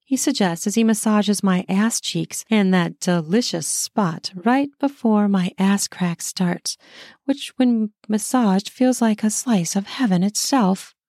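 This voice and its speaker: A woman narrates an audio story in the first person with a mellow, darker tone. Her telling is brisk and intimate, recorded close on a dry mic with no room sound. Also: medium pitch, no room sound.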